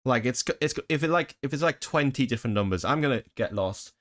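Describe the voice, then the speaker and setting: A man's voice: medium pitch, expressive, fast, a bit bright. A man chatting casually with his live-stream viewers, rambling with frequent laughs and restarts.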